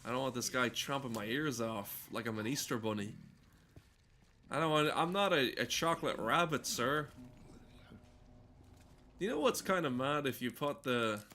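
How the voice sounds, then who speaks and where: A man talks through a horror game in loose, profane commentary. He wanders into joking tangents as he plays. His voice is bright and sharp. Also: medium pitch, lively intonation, moderate pace, long pauses, a little hiss or hum. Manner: rambling, profane, tangent-prone jokes. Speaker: gaming streamer.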